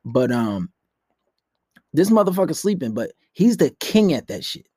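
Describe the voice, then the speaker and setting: A man's voice: fairly high pitch, very animated, moderate pace, darkish tone, slightly rough, dry recording, studio quality. A young man hosting a podcast, ranting profanely and bluntly about dating in a rambling, casual way from his room at night. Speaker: podcast host. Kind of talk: casual dating-advice rant. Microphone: laptop.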